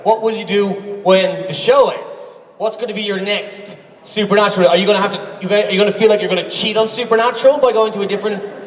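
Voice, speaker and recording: A man's voice: high-pitched, fairly even intonation, fast, few pauses, slight background noise. A man, an actor joking and teasing on a convention panel. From Boston. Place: large convention hall. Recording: echoey hall, from a distance.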